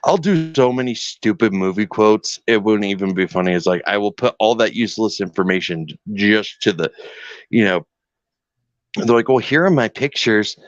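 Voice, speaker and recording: A man chatting casually as a guest on an online call, telling animated stories about his caregiving, acting out dialogues and swearing freely. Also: fairly low pitch, moderate pace, no room sound. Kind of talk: casual chat. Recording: muffled lo-fi call audio.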